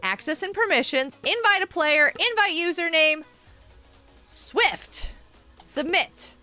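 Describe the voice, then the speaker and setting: A woman's voice: very high voice, expressive, slow pace, sharp tone, soft background music. A woman streaming a game, chatting casually with her viewers, answering chat aloud and laughing often.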